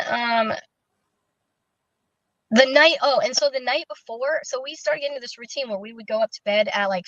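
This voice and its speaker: A woman speaks as an interview guest, telling a painful story in her own words. Her delivery is candid and halting, full of fillers and restarts. The recording is dry and a little dull, with a lo-fi feel. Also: a little high, bright, forceful tone, dry recording. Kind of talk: recounting a personal story in an interview.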